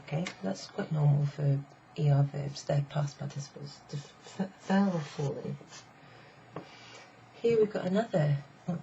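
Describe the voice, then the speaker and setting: A middle-aged woman teaching a casual online French lesson, chatty and explaining step by step while repeating phrases slowly. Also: deep voice, gravelly. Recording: slightly dull lo-fi sound with faint noise.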